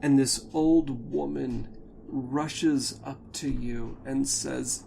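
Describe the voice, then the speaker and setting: Very slow-paced male game master. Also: mid-range voice, fairly even intonation, vocal fry, warm tone, breathy edge. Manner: slow, measured, descriptive narration. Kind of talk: narrating a tabletop game.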